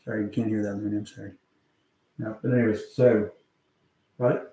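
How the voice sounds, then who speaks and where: A man's voice: on the low side, flat delivery, brisk, mellow, roomy sound, rough recording. A man streaming live, chatting casually in a rambling, hesitant way full of fillers and frequent swearing. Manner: swears a lot. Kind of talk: casual livestream chat.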